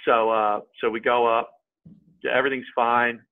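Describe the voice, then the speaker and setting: A man, a podcast guest, telling a story in a casual, animated way and acting out what people said. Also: mid-range voice, normal speed. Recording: tinny phone-like line.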